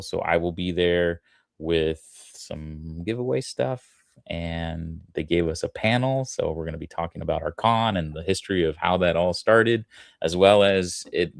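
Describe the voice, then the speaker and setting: A man's voice: deep voice, creaky, no echo, studio quality. A man co-hosting a fan podcast, talking casually and laughing easily as he shares plans. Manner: laughs easily, breaks into goofy impressions. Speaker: podcast co-host. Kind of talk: casual chat.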